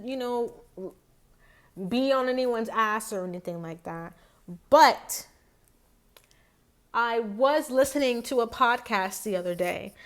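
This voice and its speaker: A woman doing a casual tarot reading, talking to her viewers in a rambling, chatty way full of fillers and restarts. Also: on the high side. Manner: talks straight to viewers. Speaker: tarot reader.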